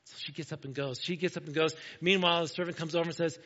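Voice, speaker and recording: A man preaching a sermon, retelling a gospel story in a casual, conversational way and often dropping to a soft, hushed voice. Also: on the high side, steady tone, quick pace, hardly any pauses. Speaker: pastor. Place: church sanctuary. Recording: dull, lo-fi church recording with long hall reverb.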